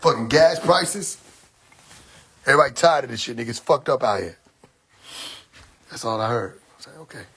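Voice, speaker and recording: A man's voice: medium pitch, moderate pace, long pauses, breathy edge. A young man telling a funny story from his childhood in a casual monologue, laughing often and swearing freely. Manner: animated, laughing, profane. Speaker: streamer.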